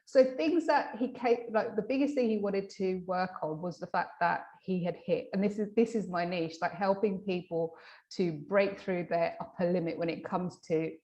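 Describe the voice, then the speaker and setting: A woman hypnotherapist in a casual interview, telling a client story with lively acted-out quotes and frequent restarts. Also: on the low side, moderate pace. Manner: animated, acts out quoted dialogue; many fillers and restarts. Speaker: hypnotherapist guest.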